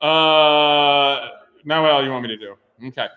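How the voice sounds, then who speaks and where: A man with a high voice hosts a live stream from a workshop garage. He talks to his crew in an animated, joking way and laughs often. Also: unhurried, highs cut off. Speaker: host of a car channel.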